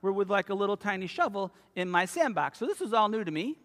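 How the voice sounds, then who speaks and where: High-voiced pastor preaching in a reverberant hall. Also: male voice, fast. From United States. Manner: animated storytelling, emphatic. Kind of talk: sermon. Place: church sanctuary. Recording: long reverb of a church hall.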